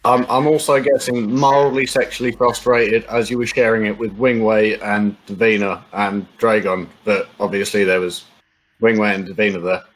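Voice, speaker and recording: Husky-voiced man, wry tabletop player. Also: lowish voice, flat delivery, normal speed, rough recording. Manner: wry, dry jokes, laughs often. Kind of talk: casual chat at a game table.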